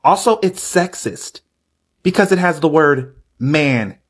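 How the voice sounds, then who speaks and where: A man in a comedy skit lectures indignantly. His voice sits fairly high and comes out husky. He talks in a slow, deliberate way. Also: expressive. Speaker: skit performer.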